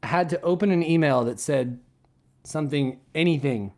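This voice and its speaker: A man's voice: fairly high pitch, moderate pace, darkish tone. A young man co-hosting a live show, reading fan mail aloud and stumbling over words. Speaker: co-host. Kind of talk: casual live-show banter.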